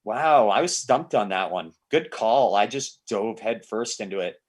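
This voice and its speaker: A man in casual podcast chat, an excitable storyteller who stammers through restarts and swears freely. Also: lowish voice, measured pace.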